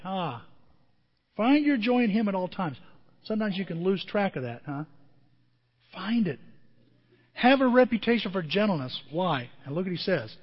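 Man, pastor: high and a bit husky, chatty sermon with rhetorical questions, long reverb on the recording. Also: sing-song, normal speed, pauses often, lo-fi sound. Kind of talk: conversational sermon.

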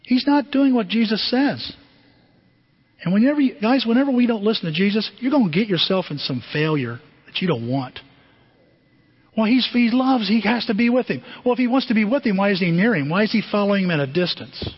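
A middle-aged man preaching a sermon as pastor, animated and conversational, often asking the congregation questions. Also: sits high, brisk, breathy edge. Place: church sanctuary. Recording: dull, muffled sermon recording with long hall reverb.

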